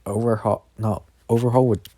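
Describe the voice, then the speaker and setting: A man's voice: fairly low pitch, level tone, normal speed, mellow, no room sound. A man telling a made-up fan story off the cuff, rambling with lots of fillers and correcting himself as he goes, on a computer voice-chat mic. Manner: rambling, filler-heavy, frequent self-corrections. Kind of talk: improvised fan-fiction narration.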